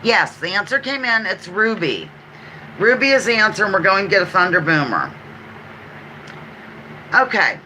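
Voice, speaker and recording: Pennsylvania lady running a trivia stream, super bright sharp voice, chatty, restarts a lot. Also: medium pitch, very animated, a little hiss or hum, rough recording. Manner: chatty, self-correcting, repeats clues slowly. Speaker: trivia livestream host. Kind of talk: casual live trivia chat.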